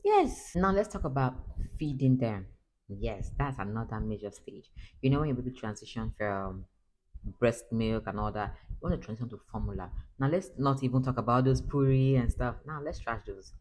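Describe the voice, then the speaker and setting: Young Nigerian woman, low husky voice, chatty vlogging mom who mixes in pidgin. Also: expressive, moderate pace, a little mellow, low-quality recording. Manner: chatty, laughing, switches into pidgin. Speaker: mother vlogger. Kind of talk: casual chat to camera.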